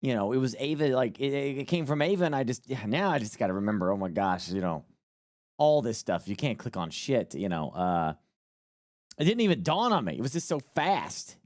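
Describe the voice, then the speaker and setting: A man's voice: medium pitch, sing-song, fairly quick, a little mellow, no echo, studio quality. A man live-streaming casual commentary, rambling and joking with plenty of swearing. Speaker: streamer reacting to a news clip.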